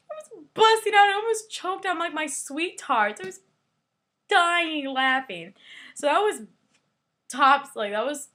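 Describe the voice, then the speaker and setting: A young woman's bright, forceful, high-sitting voice carries a casual, rambling video review of a book and its film adaptation. She's chatty and giggly, leaning heavily on "like" and drifting into asides.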